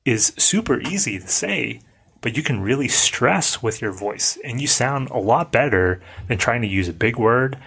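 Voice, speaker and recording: Low-voiced male English conversation coach. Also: breathy edge. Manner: relaxed, conversational, stresses words for emphasis. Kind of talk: casual lesson talk.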